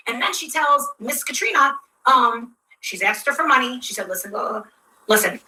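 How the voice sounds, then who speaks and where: A woman's voice: high voice, expressive, normal speed, bright, forceful tone, recorded from a distance, a little hiss or hum, poor audio. A woman telling a heated, profane story to her audience, acting out what others said in shifting voices. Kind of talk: ranting storytime.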